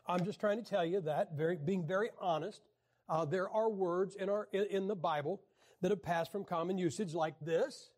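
High-voiced joking Bible class teacher, man. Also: normal speed, darkish tone. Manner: wry, clears throat often.

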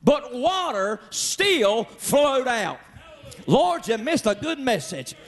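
A male pastor with a very high voice delivers a sermon at an unhurried pace. He is emphatic, often breaks into shouts, and calls out to the congregation. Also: big pitch swings.

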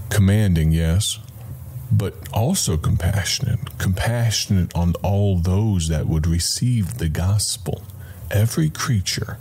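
A man's voice: deep voice, warm tone, a little hiss or hum. A man hosting a radio Bible program, giving a reflective devotional sermon in a conversational way, calling the listener his friend. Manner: slow, deliberate, reflective delivery with pauses.

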